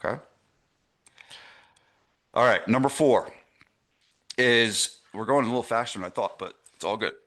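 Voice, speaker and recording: Speaking at a moderate pace with long pauses, a middle-aged man runs a live online masterclass for gym owners. The gym business coach has a mid-range, slightly bright voice and keeps stressing points and checking in with his audience.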